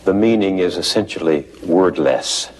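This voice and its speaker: A man's voice: deep voice, moderate pace, darkish tone, a little hiss or hum, low-quality recording. A man interviewing a scholar, putting thoughtful, probing remarks to him. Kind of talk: interview conversation.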